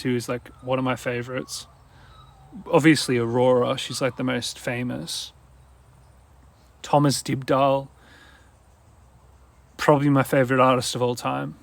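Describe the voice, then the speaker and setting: A man's voice: medium pitch, level tone, measured pace, gravelly, pauses often. A man from Australia with a mixed Australian, British and Irish accent and a dopey-sounding voice, rambling casually and drifting off on tangents. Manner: meandering, goes off on tangents.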